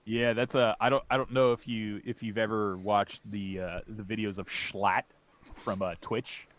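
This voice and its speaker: A man co-hosting a podcast, telling rambling stories with halting restarts and crude jokes. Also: lowish voice, flat delivery, fairly bright tone, dry recording. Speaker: podcast co-host. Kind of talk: casual chat.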